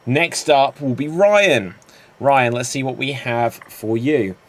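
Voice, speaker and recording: Slow-talking man hosting an improv show. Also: medium pitch. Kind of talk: introducing improv games.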